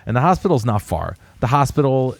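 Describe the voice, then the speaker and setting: A man in his thirties, co-hosting a podcast, telling a family story in a casual, animated way. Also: a little fast, vocal fry, no room sound. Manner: animated storyteller, puts on high voices when quoting a child. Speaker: podcast co-host.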